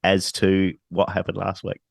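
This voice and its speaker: Male podcast host, low-set voice, dry close sound, easy banter. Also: normal speed, gravelly, slightly rough, dry recording. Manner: relaxed, joking banter. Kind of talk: casual chat.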